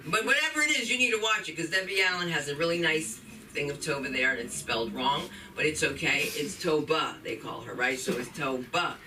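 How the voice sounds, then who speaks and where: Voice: medium pitch, a little fast, sharp tone. A host emceeing a comedy open mic night in an effusive, playful way. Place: comedy club stage. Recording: distant, noisy club recording.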